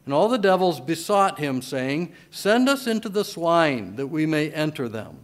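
Emphatic pastor, fairly high voice. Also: male voice, big pitch swings, moderate pace. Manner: emphatic scripture reading in old-style wording. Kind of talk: sermon.

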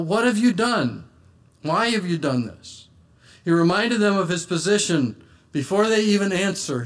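A man preaching an earnest sermon and reading scripture aloud in old-fashioned wording. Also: on the high side.

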